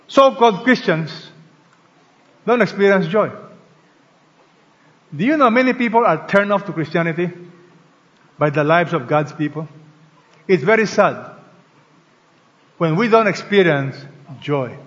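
A male pastor with a high-pitched, fairly bright tone delivers a sermon, guiding the congregation in prayer and calling on them to answer and read with him. The big church hall adds a long reverb and a somewhat dull sound.

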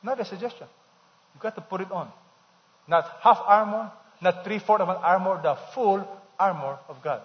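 A man's voice: high-pitched, moderate pace. A man preaching a sermon, emphatic, repeating key phrases and leading the congregation in call-and-response. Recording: dull sound with long hall reverb.

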